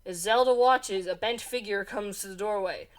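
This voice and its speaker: A woman's voice: mid-range voice, normal speed. A woman running a gamebook adventure as game master, reading aloud casually and laughing between lines.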